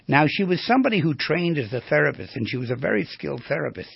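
A male therapist giving a storytelling lecture on the voice, animated and asking his audience questions. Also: fairly high pitch, fast, dry recording, dull audio. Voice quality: very raspy, gravelly.

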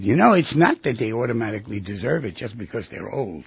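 A man's voice: mid-range voice, sing-song, fast talker, gravelly, hardly any pauses, slightly rough, dry recording. A middle-aged man hosting a radio call-in show, counseling callers in a direct, coaxing, plain-spoken way. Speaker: radio call-in host and therapist. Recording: dry, muffled radio broadcast audio.

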